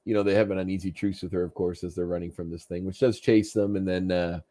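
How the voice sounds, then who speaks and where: Man, fairly low voice, chatty, laughs a lot, casual podcast recap. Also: little pitch movement, fast, dark tone. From Canada. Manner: chatty, laughs often, slips into jokey voices. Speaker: podcast co-host. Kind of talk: casual chat recapping a cartoon.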